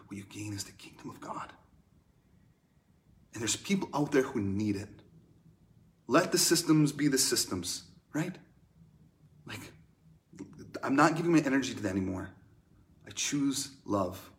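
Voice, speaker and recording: A man preaching a sermon in a conversational way, swinging from loud emphatic lines to hushed ones. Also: fairly low pitch. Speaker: pastor.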